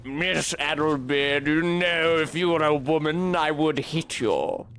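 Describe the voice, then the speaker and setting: Gruff elderly British statesman, droll and pompous, a man's quick impression. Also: fairly high pitch, fairly bright tone, a little hiss or hum. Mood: stern.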